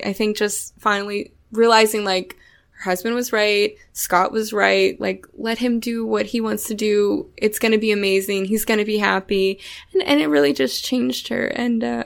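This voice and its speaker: A woman's voice: mid-range voice, steady tone, moderate pace, creaky. A woman co-hosting a podcast, chatting casually about a film with many hedges and fillers. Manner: hedging, lots of "like" and "um". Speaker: podcast co-host.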